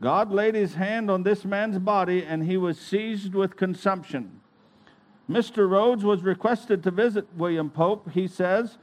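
A man reading a religious account aloud in a measured, deliberate way, with an occasional slip. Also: sits high. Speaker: reader.

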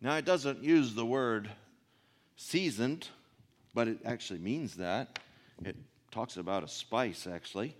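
A man preaching a sermon in a folksy, conversational way, swelling louder on his key points and often clearing his throat. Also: mid-range voice, animated, measured pace.

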